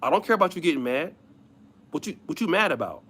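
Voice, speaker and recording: A man's voice: fairly high pitch, very animated, fast, a bit bright, slightly rough, exaggerated voice. A man mimicking a demanding young woman nagging her boyfriend, sweet and rude at the same time.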